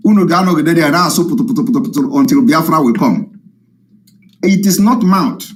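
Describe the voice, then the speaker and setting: Man, high-pitched, combative, mocking, repetitive. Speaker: activist addressing followers. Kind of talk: heated live-stream monologue. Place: live broadcast from home.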